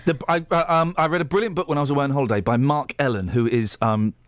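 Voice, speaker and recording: A man's voice: on the high side, quick pace. A man hosting a casual radio show, joking and telling stories with lots of laughs. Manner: jokey, animated storytelling with laughs. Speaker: radio presenter.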